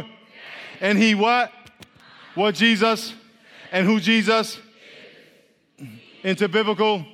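A man preaching a lively, interactive sermon, playfully teasing the congregation and leading them in repeat-after-me chants. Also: high-pitched. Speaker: pastor. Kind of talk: interactive sermon with call-and-response. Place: church hall. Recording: long hall reverb.

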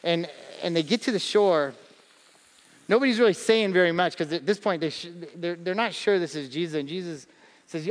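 A pastor in his thirties preaches with playful energy, slipping into acted-out voices as he tells stories. His voice sits a little high for a man. The sound carries a long reverb from a large church hall. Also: normal speed. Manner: animated storytelling with acted-out voices and humor. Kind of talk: sermon.

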